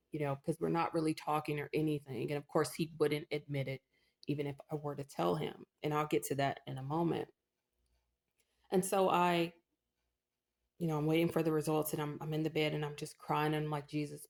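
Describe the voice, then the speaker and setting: A woman with a notably low voice recounts her personal testimony in an earnest, conversational way. She leans on "you know" fillers as she talks, sounding sincere and emotionally invested. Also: creaky, a little mellow. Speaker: testimony speaker. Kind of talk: personal testimony, casual storytelling.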